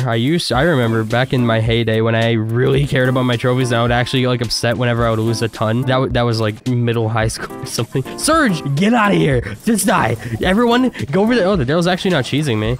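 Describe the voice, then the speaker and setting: A young man giving casual, excitable gameplay commentary as a gaming YouTuber, trash-talking his opponents. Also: mid-range voice. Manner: excitable, trash-talks opponents, quick bursts of laughter.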